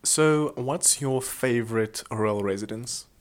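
A man's voice: medium pitch, slow pace. A man hosting a casual podcast chat, dry and teasing. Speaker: podcast host.

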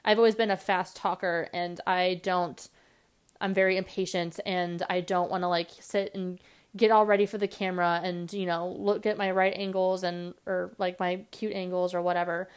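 A young woman hosting her own podcast, talking fast and rambling casually with lots of fillers. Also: fairly low pitch, level tone, clean tone. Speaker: podcast host. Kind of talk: casual solo podcast monologue.

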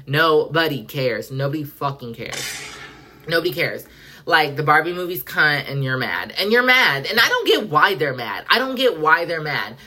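A woman's voice: sits low, very animated, moderate pace, bright, forceful tone. A woman hosting a podcast, ranting in a sassy, profane, slang-heavy way. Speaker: podcast host. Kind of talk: casual pop-culture rant.

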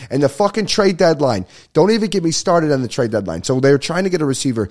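A young man hosting a casual solo podcast, ranting and telling a story in a profane, rambling, animated way. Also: mid-range voice, moderate pace, pauses often. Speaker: podcast host. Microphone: podcast microphone at a desk.

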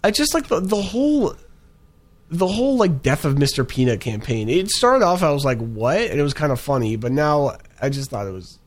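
A man's voice: fairly high pitch, very animated, moderate pace. A young man chatting casually about ads he has seen, rambling with plenty of fillers and restarts. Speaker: co-host reviewing ads. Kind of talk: casual chat.

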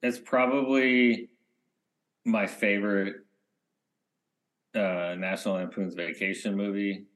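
A man co-hosting a podcast in casual chat, rambling and often trailing off into quiet mumbles. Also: fairly low pitch, little pitch movement, slow, pauses often. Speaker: podcast co-host.

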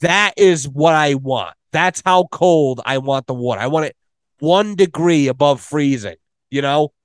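A man's voice: on the high side, a little slow, dry recording, clean studio sound. A man hosting a podcast, telling rambling, profane stories in casual chat. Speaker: podcast host.

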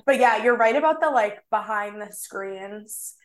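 A woman's voice: medium pitch, measured pace, a crowd in the background. A young woman co-hosting a podcast, chatting casually and laughing often, with a self-deprecating manner. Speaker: podcast co-host. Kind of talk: casual chat.

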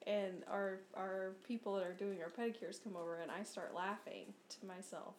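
A woman's voice: medium pitch, steady tone, moderate pace. A young adult woman, a nurse and podcast co-host, chatting casually and teasing her friend with lots of laughter. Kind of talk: casual chat. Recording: roomy recording with faint noise.

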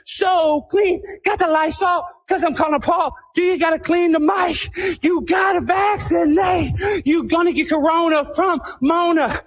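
A shrill, very high, breathless zealot who shouts rhyming chants in a frantic rush, as a man plays him for satire. The voice stays keyed up and loud, with a comic, over-the-top edge. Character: frantic man rant-singing a vaccine chant. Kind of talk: satirical comedic performance.

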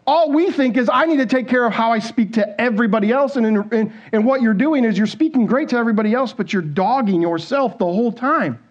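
A man with a fairly high voice preaches from a church stage, talking to the congregation as if in conversation. He keeps asking them questions and acts out quoted inner thoughts. The sound is a little dull and lo-fi. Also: quick pace, hardly any pauses. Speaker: pastor. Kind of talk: sermon.

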